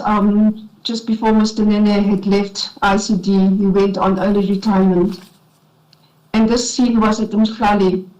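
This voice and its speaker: A woman's voice: medium pitch, darkish tone, low-quality recording. South african woman testifying, voice shaky, keeps stopping and restarting. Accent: South African English. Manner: shaky, emotional, halting with restarts. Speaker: witness at an enquiry. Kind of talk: sworn testimony, reading a statement.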